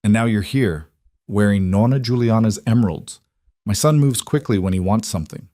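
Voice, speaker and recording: A man's voice: on the low side, normal speed, warm tone, no room sound, clean studio sound, natural voice. A man voicing a refined, coolly probing mafia matriarch in her sixties with a faint old Italian accent, raised above his own register. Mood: cool, commanding.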